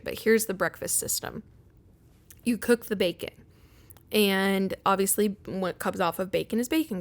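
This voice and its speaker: A young adult woman hosting a casual solo podcast, chatting in a rambling way with lots of "like" and acting out quoted people. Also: medium pitch. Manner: chatty, rambling, heavy use of "like"; acts out quoted people in livelier voices. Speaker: podcast host.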